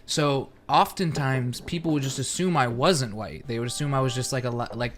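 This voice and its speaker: A man's voice: mid-range voice, normal speed, a little hiss or hum. A man co-hosting a podcast, talking loosely with many fillers and restarts. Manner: rambling, filler-heavy. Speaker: podcast co-host. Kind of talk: casual chat.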